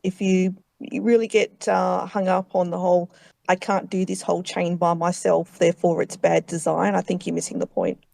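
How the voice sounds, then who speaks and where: A woman's voice: on the low side, little pitch movement, normal speed, creaky, dark tone, no echo. A woman speaking as a panelist on a casual gaming podcast, hesitant with frequent fillers. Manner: hesitant, many fillers and restarts.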